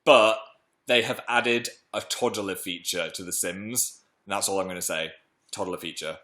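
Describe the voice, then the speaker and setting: A man's voice: normal speed, bright, forceful tone. A young man hosting a casual livestream from home, chatting playfully and reading comments aloud. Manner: chatty, playful, jumps into high silly voices. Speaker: livestream host.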